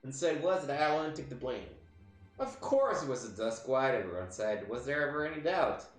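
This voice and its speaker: Brief: bitter disgraced lancer villain read by a man, theatrical and sneering, mid-pitched, roomy sound. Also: very animated, a little fast, faint music behind, close to an everyday voice. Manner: theatrical, scornful read-aloud.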